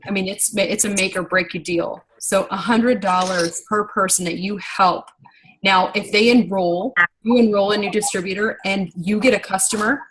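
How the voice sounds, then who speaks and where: A young adult woman leading a business team meeting in a casual, animated, rambling way, getting worked up and talking fast when excited. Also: medium pitch, slight background noise, rough recording. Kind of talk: casual motivational training talk.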